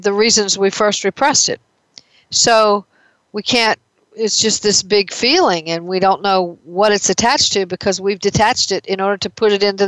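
A woman therapist talks through emotional patterns in a relaxed, conversational way and leans on everyday examples. Her voice sits at an ordinary middle pitch. The sound is dry and close, with no room echo. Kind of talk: explanatory talk on emotions.

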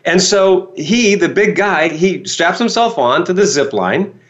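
A man's voice: high-pitched, expressive, measured pace, fairly bright tone, muffled recording. A man, a motivational speaker, telling a story in a podcast talk and acting out his own frightened reactions.

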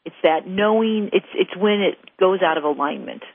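A woman's voice: lowish voice, moderate pace, no room sound. A woman hosting a show chats casually and personally with her guest, repeating words as she talks. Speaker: show host. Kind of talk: casual interview chat. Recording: tinny phone line.

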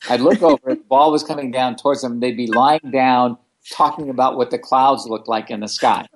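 A man telling stories in a relaxed interview, blunt and animated, with a casual, profane way of talking. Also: medium pitch, moderate pace. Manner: blunt, animated, swears freely. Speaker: guest, founder of a self-help organization. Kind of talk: casual storytelling in conversation.

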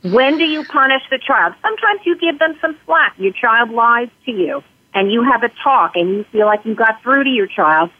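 A woman's voice: on the high side, expressive, moderate pace. A woman guest expert giving earnest explanatory answers in an interview, slipping into short quoted lines to illustrate her points. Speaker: guest expert on parental alienation. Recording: tinny phone line.

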